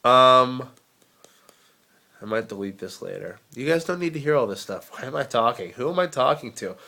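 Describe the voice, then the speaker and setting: A man's voice: medium pitch, expressive, moderate pace, gravelly, bright, forceful tone. A young man talking straight to camera in a casual vlog, rambling through tangents with self-deprecating asides, a little drowsy from cold medicine. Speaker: vlogger.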